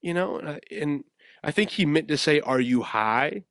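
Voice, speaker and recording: A man's voice: fairly high pitch, normal speed, dry recording, clean studio sound. A young man hosting a podcast, telling a story in a loose, rambling way and acting out what people said. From West Coast of the USA. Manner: animated, rambling, acts out quotes. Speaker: podcast host. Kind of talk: casual storytelling.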